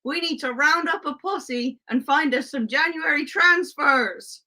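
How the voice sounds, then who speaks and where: A woman's voice: high voice, a little slow, bright, forceful tone, exaggerated voice. A woman putting on a rowdy female Wild West sheriff, hamming it up with a put-on Western drawl in a playful live-stream role-play. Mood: hammy. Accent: put-on American Western drawl. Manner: hammy, drawling, y'all and yeehaw.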